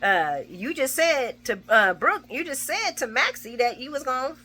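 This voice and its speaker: Bright-voiced woman recapping a soap. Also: high-pitched, normal speed, a little hiss or hum. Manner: animated, swears freely, acts out characters' lines. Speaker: soap opera recap vlogger. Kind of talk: casual spoken recap.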